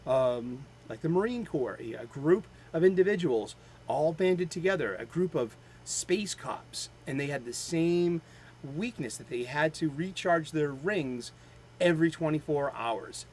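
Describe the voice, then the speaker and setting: Man, Boston accent, casual chat host, rambling with fillers, eager fan, slightly high voice, faint background noise. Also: lively intonation, a little mellow, poor audio. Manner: rambling, halting, with many fillers; enthusiastic fan. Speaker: host of a daily comics show.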